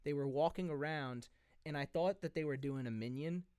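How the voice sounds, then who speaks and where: A man's voice: a little high, normal speed, a little mellow, smooth, no room sound, studio quality. A young man in his twenties, a podcast co-host, telling a rambling story with lots of swearing. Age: 20s. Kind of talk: casual chat.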